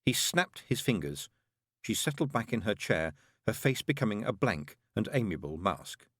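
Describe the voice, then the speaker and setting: A man narrating a comic novel in a brisk, expressive way. His pitch roams widely, and the recording is close and dry. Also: no room sound. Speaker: audiobook narrator. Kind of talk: scripted narration.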